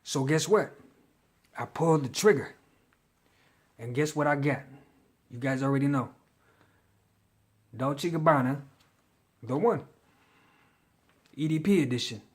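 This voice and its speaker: A man's voice: a little high, a little slow, pauses often. A man giving a casual fragrance review in a slangy, chatty way, hyping the ones he likes. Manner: slangy, chatty, hypes his picks.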